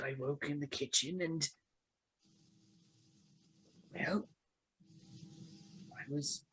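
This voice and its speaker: A man voicing Charlie, a drunk, devout young male cleric who speaks in halting, earnest bursts. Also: on the high side, slight background noise, voice pushed up, poor audio. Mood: sheepish. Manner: hesitant, halting, sincere.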